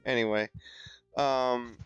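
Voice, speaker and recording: A man's voice: mid-range voice, steady tone, slow pace, a bit bright, clear, resonant tone, lo-fi sound, soft background music. A man reading a book aloud with friends for comedy, rambling and joking as he goes. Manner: rambling, joking, frequent restarts. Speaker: reader and co-host.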